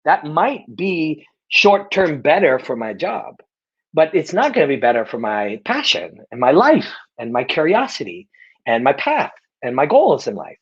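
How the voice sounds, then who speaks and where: A man's voice: on the high side, sing-song, unhurried, slightly rough, highs cut off. A middle-aged man hosting a live Q&A, speaking bluntly and emphatically, cursing freely and restating his points. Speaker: host of a live Q&A show. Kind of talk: casual live Q&A monologue.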